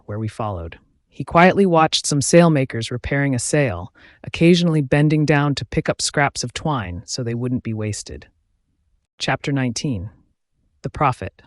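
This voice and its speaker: Expressive man reading a novel aloud. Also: medium pitch, normal speed, no echo, clean studio sound. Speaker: narrator. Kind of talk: audiobook narration.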